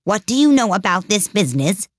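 A fussy, anxious storybook king who bursts out high and loud, his voice jumping all over the place, as a woman reader puts him on. The sound is close and dry. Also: big pitch swings, fairly quick, no room sound. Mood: fretful.

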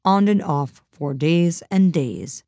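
A woman voicing a stolid, indifferent frog footman who speaks slowly and flatly. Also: sits low, no room sound, clean studio sound, full character voice. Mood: deadpan. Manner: slow, flat, unbothered.

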